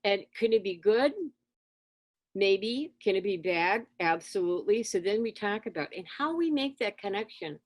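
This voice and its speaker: A woman guest in an interview, telling stories in a lively conversational way and acting out exchanges with children. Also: medium pitch, moderate pace, dry recording. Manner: animated, acts out dialogue with children. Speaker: interview guest, spiritual teacher. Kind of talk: conversational storytelling.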